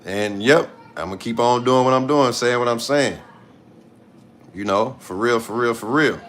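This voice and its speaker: Man in his late 30s, AAVE speaker, mid-pitched voice, blunt and profane, repeats points for emphasis. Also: moderate pace, fairly bright tone, slight background noise. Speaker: live streamer. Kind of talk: casual livestream rant.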